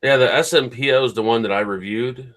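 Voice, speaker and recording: A man's voice: mid-range voice, a little fast, a bit bright. A man co-hosting a live vaping show, explaining gear and community news in an easygoing, matter-of-fact way. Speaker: co-host who reviews vape gear. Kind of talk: casual live-stream chat.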